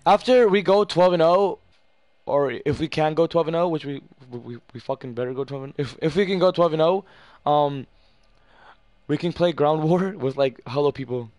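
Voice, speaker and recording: A young man hosting a gaming session, talking fast and loose with friends, excitable and profane, swearing and calling out plays. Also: on the high side, dry recording. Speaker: gamer host. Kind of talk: casual gaming chat.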